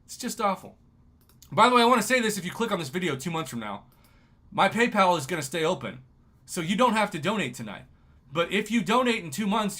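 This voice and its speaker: A man in his thirties from New Mexico, hosting a casual livestream and talking in an emotional, excitable, ranting way. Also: high voice. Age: 30s. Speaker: livestream host.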